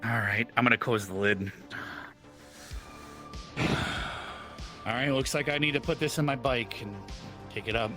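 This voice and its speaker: A man playing a medic in an online roleplay, with a bright, forward tone. He asks hesitant, clarifying questions and sighs often. He sounds casual and unsure. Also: medium pitch, a little slow, pauses often, faint music behind. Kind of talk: casual in-character roleplay chat.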